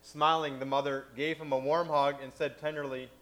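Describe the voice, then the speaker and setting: A man's voice: on the high side, level tone, moderate pace, hardly any pauses, fairly bright tone. Man preaching a chatty sermon. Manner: conversational, many "you know" fillers.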